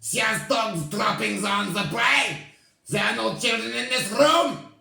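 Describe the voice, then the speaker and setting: Male reader as a shrill, gravelly witch queen, imperious and slow, echoey room. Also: bright, forceful tone, faint music behind, heavily acted. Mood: scornful. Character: commanding female witch leader.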